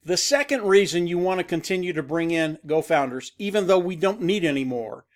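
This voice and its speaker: A middle-aged man giving an enthusiastic sales pitch to his viewers, repeating himself and restarting phrases often. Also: animated, brisk. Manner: enthusiastic, repetitive, frequent restarts. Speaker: network marketing promoter. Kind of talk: direct-to-camera pitch talk.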